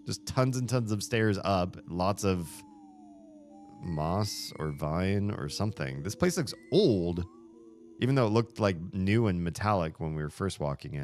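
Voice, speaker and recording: A man hosting a video game playthrough, chatting along in an animated way and laughing often. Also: deep voice, unhurried. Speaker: let's play host. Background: faint game music.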